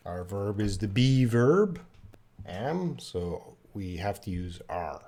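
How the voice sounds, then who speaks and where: A man teaching English in a live online lesson, reading out chat questions, correcting them patiently and speaking slowly and clearly for learners, sounding tired. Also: lowish voice, big pitch swings, warm tone, a little hiss or hum.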